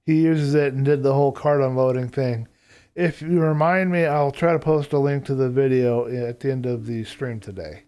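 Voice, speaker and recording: A man streaming a game live, talking to his viewers in a loose, rambling way as he plans. His voice is mellow and warm, sitting at an ordinary middle pitch. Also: fairly even intonation, moderate pace. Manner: thinks aloud while planning; rambling, casual. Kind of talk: live gameplay commentary.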